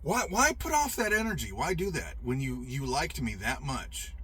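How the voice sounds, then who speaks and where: A man's voice: medium pitch, sing-song, normal speed, pushed and bright, slightly rough. A middle-aged man telling a personal story in a rambling, profane, emphatic way, with frequent restarts. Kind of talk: casual storytelling monologue.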